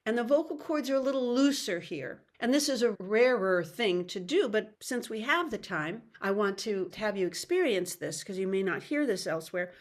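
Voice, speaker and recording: A woman's voice: mid-range voice, lively intonation, moderate pace, few pauses. A middle-aged woman voice coach giving an upbeat, explanatory online workshop lecture over a video call. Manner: upbeat, explanatory, breaks into sung demonstrations.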